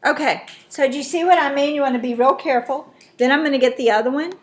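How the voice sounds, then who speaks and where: Lady teacher, slightly high voice, talks through the math step by step, keeps asking y'all follow?. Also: fast. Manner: explains step by step, checks in with students. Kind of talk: classroom lesson.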